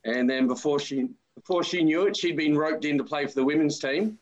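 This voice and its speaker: A man in his forties with an Australian accent, a podcast guest telling relaxed, friendly stories. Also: a little high, a little fast, muffled recording. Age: 40s. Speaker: interview guest, amateur footballer. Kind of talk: casual interview storytelling.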